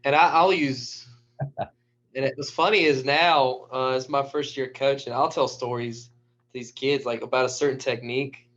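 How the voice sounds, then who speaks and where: A man, a high school wrestling coach, telling stories in a casual, animated way and acting out the lines of people in them. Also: normal speed. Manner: animated storyteller who acts out quotes. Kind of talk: casual storytelling. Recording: dull lo-fi recording.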